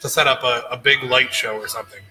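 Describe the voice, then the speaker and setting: A man co-hosting a podcast, telling a story in a casual, animated way and acting out the people he quotes. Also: mid-range voice, fast talker, soft background music, low-quality recording. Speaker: podcast co-host.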